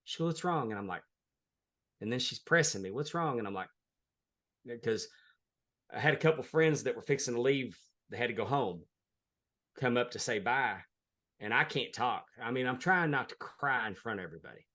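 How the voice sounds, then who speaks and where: A man's voice: medium pitch, lively intonation, moderate pace, long pauses, pushed and bright. A man, a wrestling referee, telling a heartfelt story in a casual interview. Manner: earnest, heartfelt, plain-spoken.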